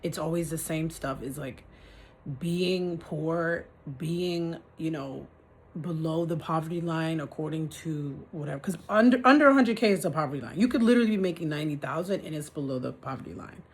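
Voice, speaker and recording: A woman's voice: low-pitched, a little fast, breathy edge. A woman venting in a casual vlog from her apartment, frustrated and ranting, swearing as she talks. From New York City. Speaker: vlogger. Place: apartment, indoors.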